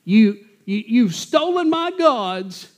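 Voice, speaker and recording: A man's voice: very high-pitched, big pitch swings, takes it slowly, voice pushed up, full character voice. A man voicing a whiny, mealy-mouthed fellow pleading over what was taken from him. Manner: whining, stammering.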